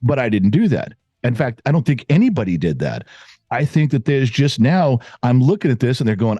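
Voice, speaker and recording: A middle-aged man, speaking with a lively, swinging pitch and a dark, mellow tone. He makes his case emphatically, often repeating words for stress. The recording is dry, with no room echo. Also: fairly quick, slightly rough, lo-fi sound. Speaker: guest commentator. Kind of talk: opinionated casual chat.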